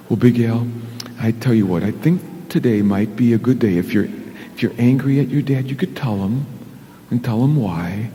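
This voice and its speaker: A man giving a children's message in church, gentle and sing-song, talking with a puppet. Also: medium pitch, moderate pace, in a large hall, slight background noise. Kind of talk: children's sermon with puppet dialogue.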